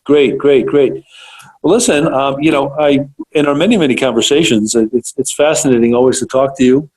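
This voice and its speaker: An enthusiastic man hosts a radio interview show. He talks in an eager, loose way, often backing up to restart a sentence. His pitch sits in an ordinary middle range. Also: fairly quick, a little mellow, low-quality recording.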